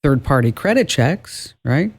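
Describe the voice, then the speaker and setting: A man's voice: medium pitch, sing-song, measured pace. A man hosting a call-in radio show about technology, talking conversationally and often restarting his phrases. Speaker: radio tech show host. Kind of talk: call-in radio talk and tech tips.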